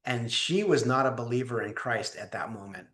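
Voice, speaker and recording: A man's voice: mid-range voice, normal speed. Storytelling man in a roomy echo. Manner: animated, acts out voices in his stories. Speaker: guest leadership teacher. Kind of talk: conversational storytelling.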